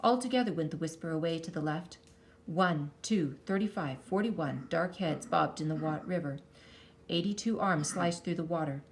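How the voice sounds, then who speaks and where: A woman reading a children's story aloud with expressive, lingering delivery. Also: low-pitched, normal speed, a little hiss or hum. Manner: expressive, lingering on counts and sound words.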